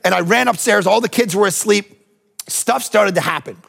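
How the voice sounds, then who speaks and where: High-voiced, gravelly male preacher. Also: moderate pace, fairly bright tone. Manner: conversational, emphatic, often addresses listeners directly. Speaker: pastor. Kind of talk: sermon with personal storytelling.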